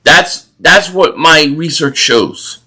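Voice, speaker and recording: On a rough recording, a man with a slightly high, bright, husky voice speaks slowly but forcefully. He's running a live-stream football watch party, rambling as he reads viewer comments, reacts to the game, and keeps restarting sentences.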